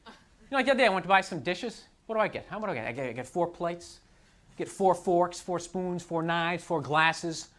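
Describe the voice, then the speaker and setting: A comedian with a high-pitched, fairly bright voice talks a little fast during a stand-up set at a comedy club. Self-deprecating and exasperated, he says "like" and "you know" a lot, and the live recording picks up the crowd laughing.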